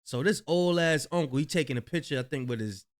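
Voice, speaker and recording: Chatty man with a fairly high voice. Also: brisk. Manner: loose, chatty, trails off and laughs easily. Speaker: commentary host. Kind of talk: casual reaction commentary.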